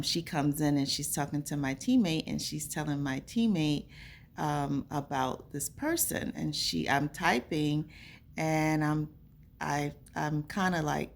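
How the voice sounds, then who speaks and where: A woman speaks to her camera in an earnest, conversational way, recounting something from her own life. Her voice sits low and has a gravelly edge. A faint hum of noise runs underneath. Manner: earnest, conversational, acts out remembered dialogue. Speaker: vlogger. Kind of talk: casual personal storytelling to camera.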